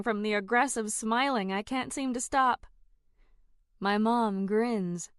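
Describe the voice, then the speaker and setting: A woman narrating a first-person fantasy audiobook in an expressive, dramatic way. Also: a little high, slow, clean tone, no room sound, studio quality.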